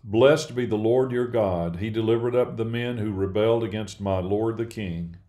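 A man's voice: fairly low pitch, moderate pace, warm tone, natural voice. A man reading the lines of an eager young messenger speaking respectfully to a king. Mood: deferential.

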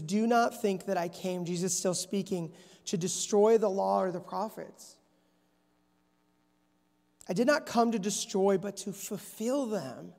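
A man's voice: sits high, a little mellow. A man preaching a sermon in a church, earnest and storytelling, with frequent restarts. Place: church sanctuary. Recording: echoey church hall.

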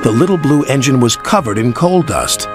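A man narrating a children's railway story in a plain, steady storytelling way. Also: medium pitch, normal speed. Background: background music.

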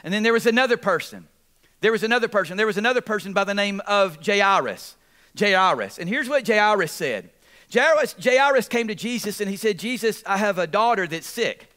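A man's voice: high voice, brisk. A man preaching a sermon as pastor, repeating phrases and calling on the congregation for responses. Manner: repetitive, animated preaching with audience call-outs.

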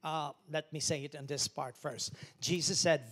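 Husky-voiced preaching pastor, a man. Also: a little high, fairly even intonation, normal speed, fairly bright tone. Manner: emphatic preaching with call-and-response. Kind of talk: sermon.

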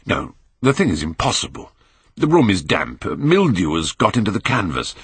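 A man's voice: sits low, sing-song, normal speed, a bit bright, slightly rough, full character voice. A man reading an anguished middle-aged male painter in an audiobook, pleading and aghast, rising to cries. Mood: shaken.

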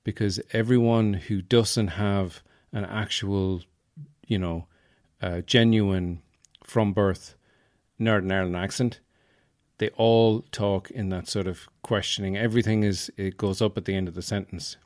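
A man's voice: lowish voice, steady tone, a little slow, a little mellow, dry recording, clean studio sound. A man hosting a podcast in rambling, jokey casual chat. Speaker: podcast host.

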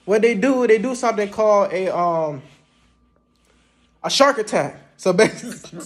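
A man's voice: high voice, animated, moderate pace. A young man casually telling a story to the camera in a slangy, laid-back way, often tossing in words like "man" and "bruh". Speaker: vlogger recounting Army basic training.

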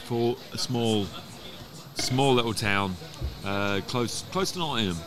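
A man's voice: medium pitch, slow pace, crowd noise. A man with an East Midlands accent, a tattoo artist guest chatting casually and hesitantly, with many ums. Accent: East Midlands English. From England, East Midlands. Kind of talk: casual chat. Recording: noisy room.

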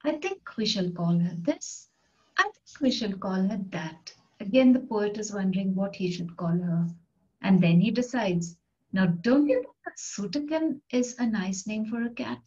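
A woman's voice: mid-range voice, expressive, normal speed, darkish tone, dull audio. A woman teaching an English poetry lesson, reading each line and then explaining the words in simple terms.

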